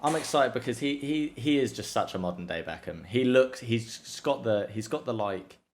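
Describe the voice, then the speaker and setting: A young man co-hosting a casual podcast chat, rambling, swearing freely and acting out quotes with sudden jumps in pitch. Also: animated, moderate pace, slight background noise. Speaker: podcast co-host.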